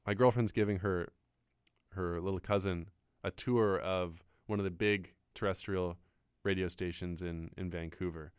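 A man's voice: on the low side, smooth, no room sound, clean studio sound. A man riffing casually on a radio show, rambling and mocking himself. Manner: rambling, self-mocking, animated. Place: radio studio.

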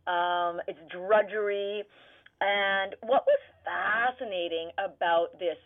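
A woman stage actor talking in a radio interview, animated, laughing often and searching for words. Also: mid-range voice, takes it slowly. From Canada. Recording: tinny phone-line sound.

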